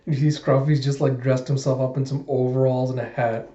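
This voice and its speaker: Brief: mellow-voiced guy recapping a comic, dull lo-fi echoey audio. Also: mid-range voice, fairly quick. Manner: animated retelling, many "he's like". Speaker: manga reviewer. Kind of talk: casual chapter recap.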